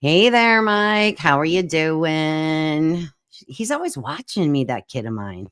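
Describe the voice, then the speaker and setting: A woman hosts a casual livestream over a video call, greeting viewers by name with plenty of fillers. Her voice is low, smooth and resonant, and it sometimes cuts in and out. The sound is dry and close. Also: very animated, slow, fairly bright tone, dry recording. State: voice cutting in and out. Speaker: livestream host.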